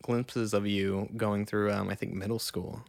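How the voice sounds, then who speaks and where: A young man co-hosting a casual chat, relaxed and asking follow-up questions. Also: on the low side, a little slow, gravelly, no room sound, studio quality. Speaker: co-host.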